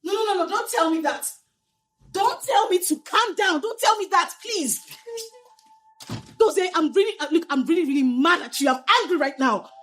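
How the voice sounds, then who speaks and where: A woman's voice: extremely high pitch, expressive, moderate pace, fairly bright tone. An actress with a Nigerian accent playing a young wife who is angry at her husband for neglecting her, heated and accusing. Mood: furious. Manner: heated, accusing, repeating herself. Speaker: actress in a film. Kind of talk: film drama acting.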